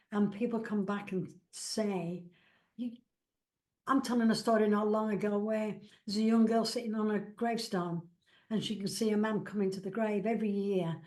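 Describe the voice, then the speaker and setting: A woman's voice: medium pitch, fairly even intonation, moderate pace, mellow. A woman from England, a psychic medium and author, chatting in a rambling way and acting out the dialogue she recalls. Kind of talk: casual storytelling interview.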